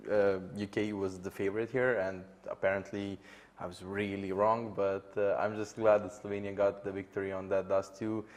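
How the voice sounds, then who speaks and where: A man with a Serbian accent, a native Serbian speaker, giving esports analysis in an animated retelling full of fillers. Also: lowish voice. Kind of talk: studio analysis chat.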